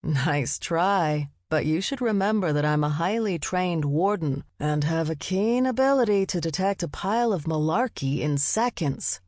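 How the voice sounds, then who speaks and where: A man's voice: fairly high pitch, lively intonation, unhurried, hardly any pauses, no echo. A woman narrator voicing a patient male detective boyfriend who teases in a dry way. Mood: dry teasing. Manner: dry, gently teasing.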